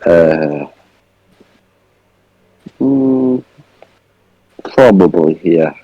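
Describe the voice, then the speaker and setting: A man answering interview questions in a deadpan comedic style, flat and matter-of-fact. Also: low voice, very slow, no room sound, highs cut off. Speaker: interview guest.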